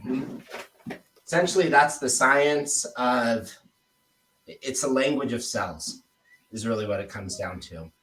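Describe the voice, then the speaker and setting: A man talking through sales scripts with a trainee in a relaxed, conversational way. He speaks at an ordinary middle pitch. The recording sounds roomy, with a noticeable echo. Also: slow pace, long pauses, recorded from a distance, slight background noise. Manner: relaxed, demonstrates tone with example phrases. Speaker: sales coach. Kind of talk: casual one-on-one coaching.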